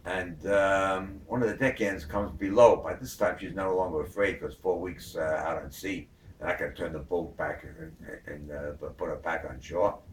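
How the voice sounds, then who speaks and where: A man's voice: low voice, steady tone, moderate pace, slight background noise. A man telling a long joke in a rambling way, full of fillers. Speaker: joke teller. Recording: echoey room from far off.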